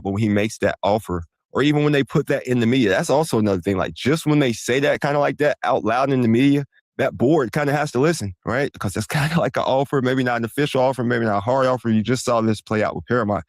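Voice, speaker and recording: A man speaks fast at a medium pitch while casually explaining finance on his solo podcast. His rambling, digressive style includes frequent self-corrections, and the sound is dry and clean from a studio.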